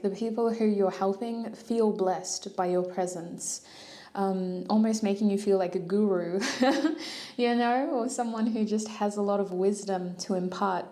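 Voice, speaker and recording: Chatty tarot reader lady, mellow warm voice, laughs a lot. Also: mid-range voice. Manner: chatty, laughs often, acts out little dialogues. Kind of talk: casual tarot reading.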